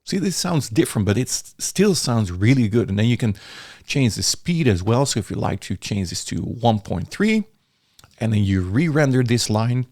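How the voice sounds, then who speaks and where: A man giving a relaxed, chatty software tutorial, sometimes restarting his words. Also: medium pitch, normal speed, no echo, clean studio sound. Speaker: software reviewer. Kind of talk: casual screen-recorded tutorial.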